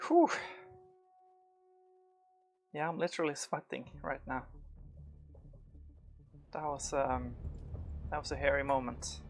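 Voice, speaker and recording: A man's voice: mid-range voice, steady tone, slow pace, pauses often, faint music behind. A man giving live commentary while he plays a game, rambling and full of fillers, swearing when startled. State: panicked, out of breath. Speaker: game streamer.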